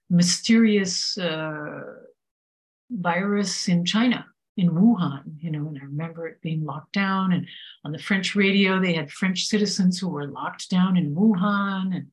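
A woman with a fairly low voice gives a reflective spiritual talk. She speaks unhurriedly, pausing often and filling gaps with soft fillers as she thinks aloud. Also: poor audio. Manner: unhurried, many pauses and fillers. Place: Paris.

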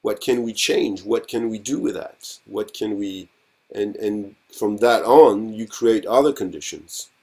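Thoughtful male group facilitator, low voice. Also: unhurried, mellow, breathy edge. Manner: thoughtful, questioning. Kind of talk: reflective group discussion.

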